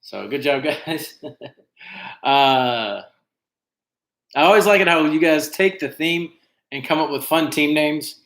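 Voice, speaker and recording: A man's voice: on the high side, slow pace, long pauses, fairly bright tone. A man hosting an online trivia night, chatting casually and reading out team names with lots of fillers. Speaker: trivia host. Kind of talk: casual livestream chat. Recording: echoey room.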